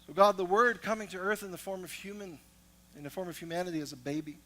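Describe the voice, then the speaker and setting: A man's voice: high voice, steady tone, fast talker, pushed and bright, low-quality recording. A man preaching a sermon as pastor, moving from storytelling to emphatic teaching.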